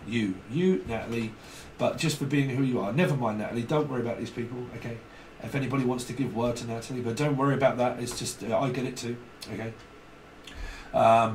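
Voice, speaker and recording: A man giving a rambling, repetitive solo tarot reading, with digressions and joking asides. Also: mid-range voice. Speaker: tarot reader. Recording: roomy, distant mic, faint hiss.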